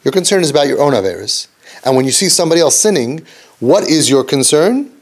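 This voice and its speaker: A man's voice: sing-song, fast talker. Earnest man giving a preachy lecture. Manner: earnest, preachy, with Yiddish and Hebrew terms; dips low and soft, then rises for emphasis. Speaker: parenting counselor and speaker. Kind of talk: impassioned lecture.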